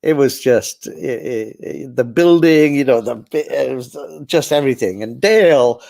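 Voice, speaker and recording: A man's voice: mid-range voice, moderate pace, creaky. A man hosting a podcast, chatting casually and briefly chiming in. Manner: relaxed, brief agreeing interjections. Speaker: podcast host. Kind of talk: casual chat.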